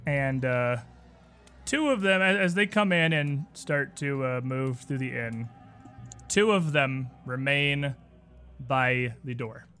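A man narrating a tabletop role-playing game as game master, in a relaxed, rambling way. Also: mid-range voice, slow pace, soft background music.

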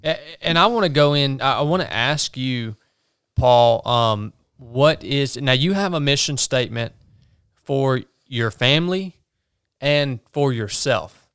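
A man's voice: medium pitch, expressive, unhurried, fairly bright tone, clean tone, dry recording, clean studio sound. A man hosting a casual conversation, friendly and encouraging, often restarting his sentences. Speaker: podcast host.

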